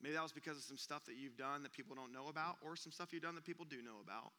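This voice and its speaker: A young man preaching, an animated storyteller who acts out gasps and sounds during a comic story, speaking in a church auditorium. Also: fairly high pitch, very fast. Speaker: youth pastor. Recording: long reverb of a church hall.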